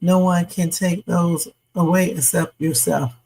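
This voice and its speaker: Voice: mid-range voice, fairly even intonation, measured pace, gravelly, a little mellow, slightly rough, low-quality recording. A livestream host chatting casually about news stories and reading out viewer comments. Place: home streaming setup.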